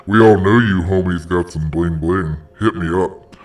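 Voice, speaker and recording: A man's voice: sits low, a little slow, far from the mic. A man hosting a parody hotline, talking in slangy, mock-preachy street lingo. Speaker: host.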